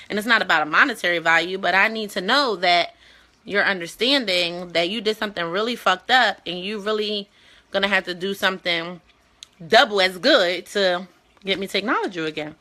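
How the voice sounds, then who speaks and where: Blunt, foul-mouthed bright-voiced woman. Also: mid-range voice, normal speed. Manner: blunt, profane, animated. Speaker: talk show co-host. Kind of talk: casual chat.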